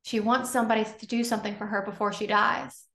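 A woman's voice: medium pitch, steady tone, fast, creaky, sharp tone. A woman voicing an earnest male schoolteacher who pleads urgently with a prisoner. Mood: pleading. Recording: roomy echo.

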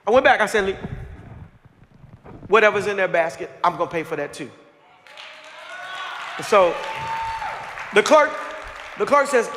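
A high, bright-voiced male pastor preaches in a storytelling style, his pitch leaping around as he acts out scenes. The sound carries a long hall reverb, with a congregation faintly audible. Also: a little slow, long pauses, slight background noise. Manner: animated, acts out people in his story, laughing and shouting at times. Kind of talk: storytelling sermon. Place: large church sanctuary with congregation. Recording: live church hall with faint crowd.

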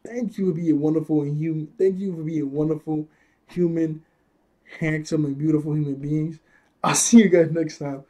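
A man's voice: a little high, steady tone, normal speed, mellow. A man casually recapping an anime episode, rambling, chuckling often and correcting himself as he goes.

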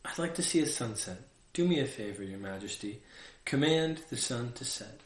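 A man's voice: mid-range voice, expressive, normal speed, roomy sound, lightly acted. A man reading aloud, voicing a small, timid and earnest boy prince with a lifted, questioning tone. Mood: timid, curious.

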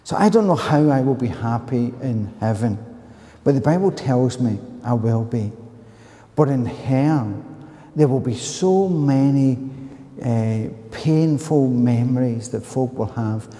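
A man with a Glaswegian accent preaching a sermon, telling a personal story in an animated way with loud, higher-pitched outbursts. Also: takes it slowly. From Scotland. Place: church. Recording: long reverb of a church hall.

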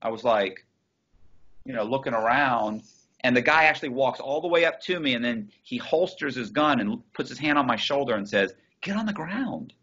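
Guy telling a story on a call, husky voice, dull muffled audio, swears a lot. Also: medium pitch, normal speed, a bit bright. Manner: swearing, restarts, quoting others in his telling. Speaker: interview guest. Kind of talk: casual storytelling.

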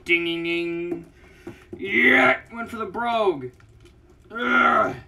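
A man calling a wrestling video game match play by play, shouting out moves and pin counts. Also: high voice, very slow, vocal fry, over music. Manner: shouts move names and counts, yelps at big hits. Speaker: channel owner commenting on wrestling matches. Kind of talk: excited play-by-play game commentary.

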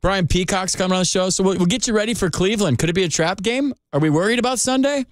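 A man hosting a sports radio call-in show, talking loosely and chattily with quick restarts, on a studio microphone. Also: high voice, no echo. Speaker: radio sports talk host. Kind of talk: casual radio chat.

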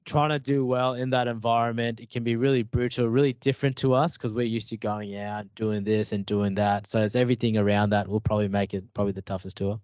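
Brief: man, thirties, lively anecdotal guest, dry and slightly dull sound. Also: lowish voice, fast talker, hardly any pauses, no room sound. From Australia. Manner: animated storyteller who acts out family dialogue. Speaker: guest, professional cricketer. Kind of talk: casual fireside chat at a live event.

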